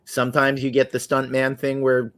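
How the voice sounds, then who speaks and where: Man in an animated podcast chat. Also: mid-range voice, normal speed. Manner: animated, laughing, restarting phrases. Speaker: podcast guest or host, artist.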